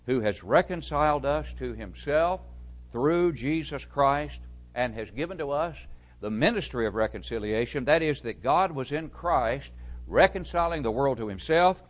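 A man's voice: mid-range voice, animated, normal speed. A man preaching a sermon, reading verses aloud and explaining them with strong stresses that drop away at phrase ends. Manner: emphatic, with rising stresses and falling, quieter phrase ends; reads scripture aloud, then explains it.

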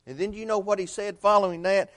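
A man preaching a sermon, telling a story earnestly and swinging between loud and hushed delivery. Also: high voice, steady tone, quick pace.

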